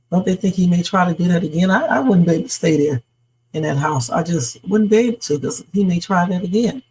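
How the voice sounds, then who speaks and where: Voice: medium pitch, darkish tone, breathy edge, low-quality recording. A livestream host chatting casually about news stories and reading out viewer comments. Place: home streaming setup.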